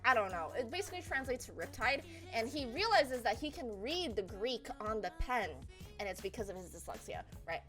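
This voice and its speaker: A young woman with a high, bright-pitched voice recaps a story for friends in a loose, comic way. She swears freely, leans on "like" and "blah, blah", and keeps tossing in quick asides. Faint music plays in the background. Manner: rambling, profane, filler-heavy, fast asides. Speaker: presenter. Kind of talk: casual comic slideshow recap.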